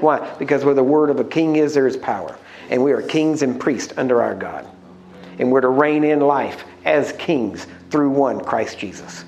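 A man preaching a sermon, emphatic, slowing down to stress key words and asking the congregation questions. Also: medium pitch, darkish tone.

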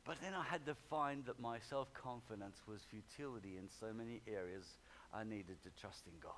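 A man's voice: fairly low pitch, normal speed, a bit bright, slight background noise. A man preaching a sermon in a conversational way, often repeating phrases for emphasis.

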